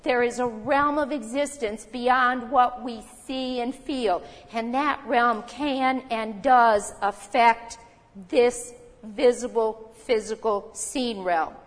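A woman's voice: a little high, fairly even intonation, slow pace. Woman preaching in a reverberant hall. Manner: conversational teaching, rhetorical questions. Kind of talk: sermon.

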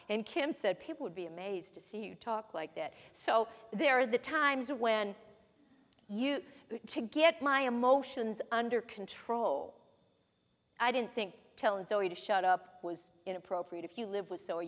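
A woman's voice: medium pitch, moderate pace. A woman giving a folksy, conversational Bible teaching in a church hall, mixing scripture readings with personal stories. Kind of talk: sermon-style Bible teaching.

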